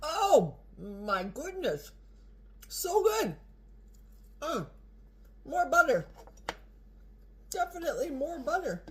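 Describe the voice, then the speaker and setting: An older woman food vlogger tasting a dish and chatting casually to her viewers, animated and talkative, sometimes with her mouth full. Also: sits high, takes it slowly, long pauses. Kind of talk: casual cooking vlog with tasting.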